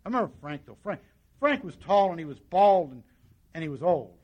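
A man's voice: fairly high pitch, expressive, fairly quick, muffled recording. A man sharing his personal recovery story at a meeting, in a folksy storytelling way with lots of quoted dialogue. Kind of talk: personal testimony to an audience.

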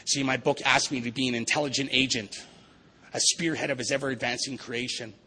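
A man's voice: medium pitch, fairly even intonation, fairly quick, pushed and bright, slightly rough, rough recording. A man giving an earnest, preacherly recovery testimony, repeating phrases for emphasis. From Vancouver area, Canada. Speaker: recovery meeting speaker.

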